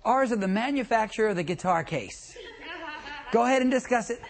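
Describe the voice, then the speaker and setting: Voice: medium pitch, expressive, brisk. Joking traffic school instructor. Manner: joking, storytelling, quizzes the room. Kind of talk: comic lecture to a class.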